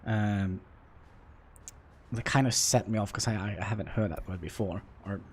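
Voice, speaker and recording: Halting Norwegian-accented man streaming a game. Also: on the low side, slight background noise. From Norway. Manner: halting, chatty, self-deprecating, talks to chat. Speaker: livestreamer. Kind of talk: casual gameplay livestream commentary. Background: faint background music.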